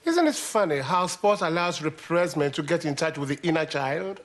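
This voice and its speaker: A man's voice: a little high, animated, normal speed, lightly acted. An actor playing a wordy, pedantic man. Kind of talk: sitcom acting.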